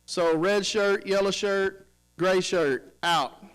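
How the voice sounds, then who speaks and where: A man's voice: sits high, slow, clear, resonant tone, faint music behind, low-quality recording. A middle-aged man leading a teacher training workshop, firing questions at staff seated at tables and coaxing answers out of them. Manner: energetic, questioning, coaxing the audience. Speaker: professional development presenter.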